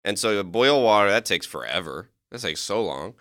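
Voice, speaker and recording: A man's voice: fairly low pitch, expressive, normal speed, sharp tone, dry recording, studio quality. A man in his twenties from Georgia, a guest comedian on a podcast, with an old-fashioned newscaster-like way of talking. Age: 20s. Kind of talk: casual comedy podcast chat.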